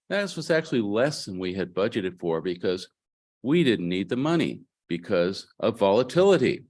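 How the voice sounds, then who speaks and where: A man's voice: on the low side, darkish tone. A man presenting financial statements at a meeting in a folksy, joking way, with asides to the audience.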